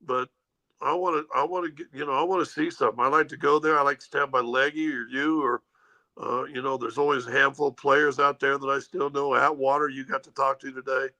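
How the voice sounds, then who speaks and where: A man hosting a casual sports talk show, telling animated stories and mimicking others. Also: mid-range voice, a little fast, poor audio. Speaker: sports radio host.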